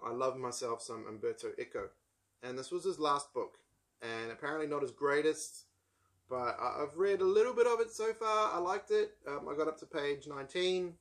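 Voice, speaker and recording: A man's voice: medium pitch, a bit bright. A man from New Zealand with a New Zealand accent, hosting a casual book chat in a rambling, wry way, full of ums and asides. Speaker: book channel host.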